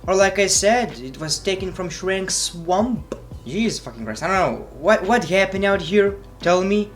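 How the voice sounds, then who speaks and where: High-voiced guy, blunt sarcastic wrestling rant, light music under it. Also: animated, unhurried. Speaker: wrestling review youtuber. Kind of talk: casual vlog commentary.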